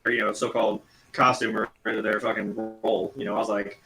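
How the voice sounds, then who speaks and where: A man's voice: fairly low pitch, level tone, gravelly, music in the background. A man talking in a casual group chat, swearing and acting out quips from scenes. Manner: fast, profane, mimics others. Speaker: regular panelist. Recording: roomy echo.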